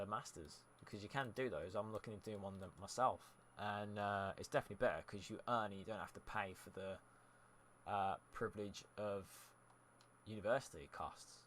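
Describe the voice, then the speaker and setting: Bright-voiced man streaming a game. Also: lowish voice, slight background noise. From United Kingdom. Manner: chatty, answers chat messages while narrating gameplay. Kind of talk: casual live-stream commentary.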